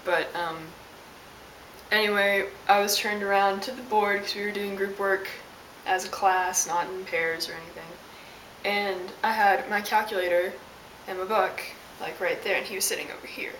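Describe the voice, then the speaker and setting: A woman's voice: medium pitch, fairly even intonation, normal speed, a bit bright. A young woman telling an exasperated, sassy story as a casual vlog rant. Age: young adult. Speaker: vlogger. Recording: roomy, distant mic with hiss.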